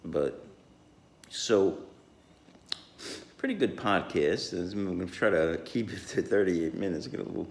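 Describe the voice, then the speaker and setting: Deep-voiced rambling man, echoey room. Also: lively intonation, unhurried, vocal fry, pauses often. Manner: rambling, many fillers and restarts, chuckles. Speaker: podcaster. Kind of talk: rambling solo podcast monologue.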